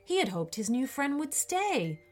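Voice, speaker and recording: A woman reading a children's bedtime story slowly and expressively. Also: sits high, sing-song, soft background music.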